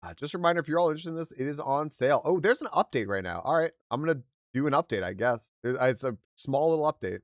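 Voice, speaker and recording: A man's voice: a little high, lively intonation, fast talker, no room sound, clean studio sound. A man streaming a game live, chatting casually with his viewers and greeting them by name. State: hiccuping.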